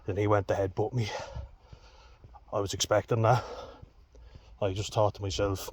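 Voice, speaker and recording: A man's voice: fairly low pitch, little pitch movement, normal speed, darkish tone, a little hiss or hum. A man telling a personal story to camera, blunt and frank, swearing heavily. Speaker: vlogger.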